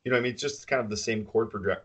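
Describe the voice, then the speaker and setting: Podcast co-host, man with a lowish voice, loose and opinionated, quick to laugh. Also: fairly bright tone, husky. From central New York. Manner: laughs often, rambling and opinionated. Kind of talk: casual chat.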